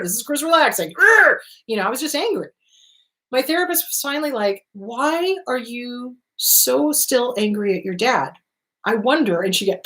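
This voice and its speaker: A woman counselor hosting a show, giving blunt, emphatic advice in a lively, direct way. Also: mid-range voice.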